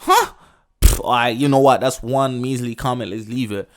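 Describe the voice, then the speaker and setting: A man's voice: medium pitch, fairly even intonation, a little fast. A man hosting a podcast, ranting in a loose, profane, emphatic way and sprinkling in "bro" and "you know what I'm saying". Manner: loose, rambling, restarts sentences. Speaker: podcast host. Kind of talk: casual rant.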